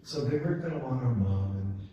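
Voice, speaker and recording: A man's voice: medium pitch, lively intonation, fairly quick, dark tone, highs cut off, a little hiss or hum. A man in his sixties giving an informal, emphatic speech about old times as a speaker at a ceremony. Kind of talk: reminiscing speech to an audience. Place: large event hall. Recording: echoey hall, from far off.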